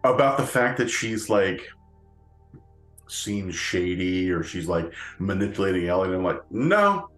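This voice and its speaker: A man's voice: deep voice, steady tone, normal speed, echoey room, soft background music. A man co-hosting a podcast in casual chat. He rambles, with many fillers and restarts, and laughs often. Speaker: podcast co-host.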